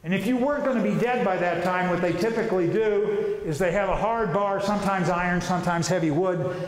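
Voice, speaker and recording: A man's voice: high voice, a little fast. A man presenting an informal religious talk, telling the story vividly and casually with slang. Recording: echoey hall reverb.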